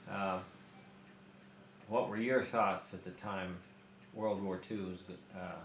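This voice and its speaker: Man, lowish voice, hesitant questions, echoey room, faint hiss. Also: steady tone, slow pace. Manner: hesitant, many fillers while framing questions. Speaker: interviewer. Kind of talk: family oral history interview.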